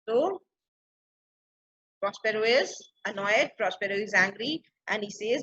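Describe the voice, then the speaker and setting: A woman's voice: medium pitch, lively intonation, unhurried, long pauses, fairly bright tone. A woman, teaching a play by reading each line and paraphrasing it plainly. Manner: reads the old verse, then paraphrases it in plain words. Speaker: English literature teacher. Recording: dull lo-fi recording.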